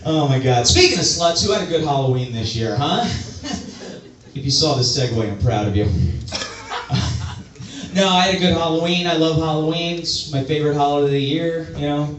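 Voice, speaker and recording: A man from the suburbs doing a stand-up comedy set, rambling and self-mocking, now and then breaking into loud outbursts. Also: on the high side, lively intonation, a little fast. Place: comedy club stage. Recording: echoey room, mic from a distance.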